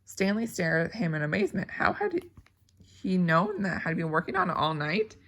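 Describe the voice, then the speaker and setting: A woman reads a novel aloud at a steady pace, with small slips and restarts. Her voice has a gravelly edge. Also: lowish voice, moderate pace. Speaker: audiobook reader.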